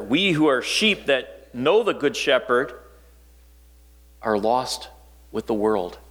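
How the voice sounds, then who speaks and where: A man from northern Wisconsin delivers a sermon like he's telling a story to friends. His voice sits at a middle pitch and sinks low and soft on key points, with a long reverb trailing behind it. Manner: storytelling, conversational, dropping low and quiet for emphasis. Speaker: preacher.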